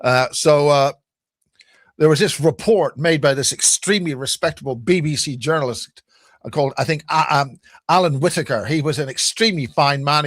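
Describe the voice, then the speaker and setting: A man's voice: medium pitch, a bit bright, no echo, clean studio sound. A man with a Northern Irish accent, rambling and joking through stories as a guest on a video-call chat show. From Northern Ireland. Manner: rambling, joking storyteller with many restarts. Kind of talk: casual chat.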